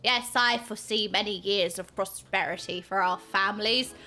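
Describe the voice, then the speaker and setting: A woman voicing a stuffy older male merchant, a pompous father, speaking slowly and gruffly in a low voice, as she reads game dialogue aloud. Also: sharp tone, natural voice.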